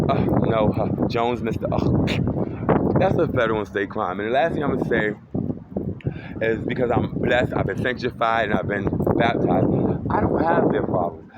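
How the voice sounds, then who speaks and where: A man rambling through a profane, accusatory rant outdoors on a city street, filming himself on a phone. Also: mid-range voice. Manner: rambling, accusatory, heavy cursing. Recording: dull lo-fi street recording with traffic noise. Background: street traffic noise.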